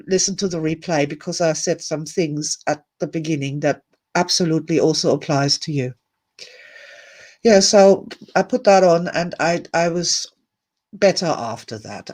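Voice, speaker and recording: A woman's voice: sits low, darkish tone. A woman hosting a live-streamed talk to her viewers, emotional and teary, speaking candidly, repeating words and swearing now and then. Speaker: host.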